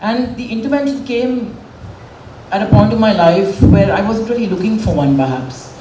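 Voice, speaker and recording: A middle-aged woman from India gives a public speech at an event, speaking candidly and with emotion in a mid-range voice at a moderate pace. She's recorded from a distance in a roomy, reverberant hall, with faint room noise humming behind her.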